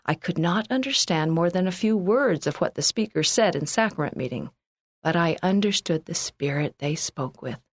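A woman from Canada reading a first-person church magazine article aloud in a calm, earnest, scripted narration. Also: on the low side, moderate pace, no echo, clean studio sound.

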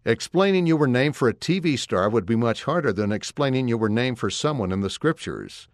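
A man's voice: mid-range voice, lively intonation, brisk, no echo, clean studio sound, natural voice. A man reading aloud and voicing a nervous young schoolboy with a boyish, pleading tone. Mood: earnest. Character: anxious young schoolboy, nervous about speaking up.

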